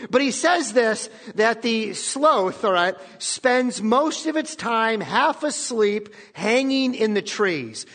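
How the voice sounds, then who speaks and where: A man's voice: very high-pitched, a bit bright. A man preaching a sermon as pastor, talking conversationally and often checking in with the congregation. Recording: long reverb of a large hall.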